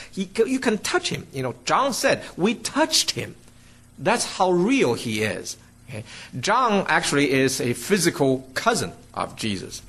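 Guy preaching a bible lesson, husky voice, pitch bouncing all over, keeps asking okay? right?. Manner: teaching style, asks "okay?" and "right?" often; restarts and fillers, lively explaining. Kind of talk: sermon.

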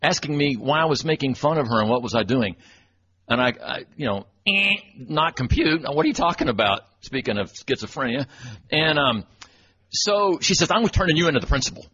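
A man's voice: medium pitch, expressive, moderate pace, bright, forceful tone, breathy edge. A man from Texas giving a folksy, self-deprecating storytelling talk at church, chuckling as he goes. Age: 40s. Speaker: church speaker and webmaster. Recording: dull lo-fi recording with faint noise.

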